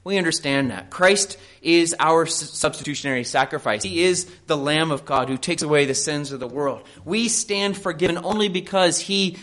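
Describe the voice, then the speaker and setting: A pastor with a notably high voice for a man, preaching a sermon. He speaks earnestly and emphatically, driving points home with pointed rhetorical questions. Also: normal speed, hardly any pauses, a bit bright.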